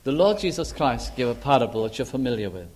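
A man preaching a sermon earnestly, repeating phrases for emphasis and pausing with frequent fillers. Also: mid-range voice, very animated, darkish tone.

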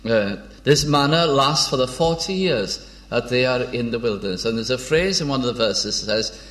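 A man's voice: medium pitch, lively intonation, a bit bright. Man preaching with frequent hesitations. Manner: unhurried, with frequent hesitations and restarts; reads old biblical verses in a measured tone. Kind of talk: informal sermon on scripture.

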